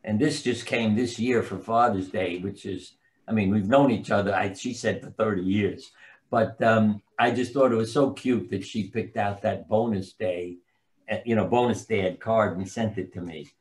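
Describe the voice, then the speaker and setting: A man's voice: lowish voice, normal speed. An older man, a physician and author, telling long anecdotal stories as a guest in a casual interview and sometimes losing track of names. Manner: rambling anecdotal storytelling, forgets names.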